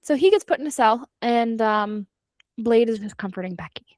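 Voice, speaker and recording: A woman's voice: a little high, lively intonation, normal speed, darkish tone, dry recording. A young woman co-hosting a book club podcast, casually retelling a novel's plot and acting out the characters' lines, swearing freely. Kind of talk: casual chat recapping a novel.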